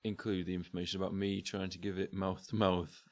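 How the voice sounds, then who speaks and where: Quiet man in casual chat. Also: level tone, a little fast. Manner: quiet, hesitant, low-key storytelling. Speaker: podcast co-host.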